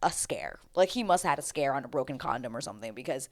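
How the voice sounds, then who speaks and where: A woman's voice: rumbling low, lively intonation, fast. A woman vlogger giving a casual, opinionated recap of a reality show, chatty and emphatic, with slang and tangents.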